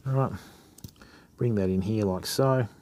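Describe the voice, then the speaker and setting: Fairly low in pitch, a little slow and slightly mellow, this man's voice carries an Australian accent. He's a middle-aged Western Australian fishing channel host, casually chatting with live-stream viewers as he services reels.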